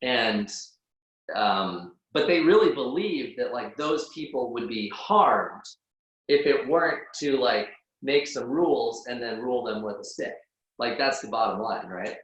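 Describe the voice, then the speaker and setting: A man talks bluntly and casually, swearing freely and leaning on "like" as filler. His mid-pitched voice rings through a strongly echoing room. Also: animated, measured pace, lo-fi sound. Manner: blunt and profane, peppered with "like". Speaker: podcast guest. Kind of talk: casual conversational interview. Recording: very echoey room.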